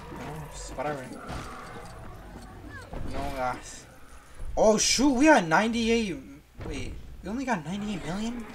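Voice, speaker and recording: A gamer giving casual, playful gameplay commentary, excitable and teasing a friend throughout. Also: mid-range voice, unhurried, long pauses, slight background noise.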